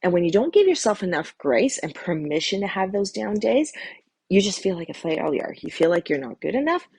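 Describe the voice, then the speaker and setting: A woman's voice: mid-range voice, very animated, a little fast, vocal fry, a little mellow, breathy edge, no echo. A middle-aged woman and lifestyle coach giving a candid, motivational talk to camera, addressing the viewer directly and swearing casually.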